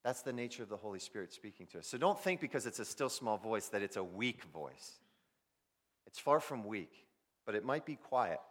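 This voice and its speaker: A man preaching a sermon, swinging between loud emphasis and near-whispers as he speaks directly to his listeners. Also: lowish voice, very animated, moderate pace. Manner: addresses listeners directly as "guys". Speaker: pastor.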